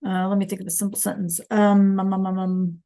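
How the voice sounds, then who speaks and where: A woman's voice: mid-range voice, flat delivery, fairly quick, warm tone. A woman Spanish teacher giving an online class lesson, searching for examples with many fillers and acting out short dialogues.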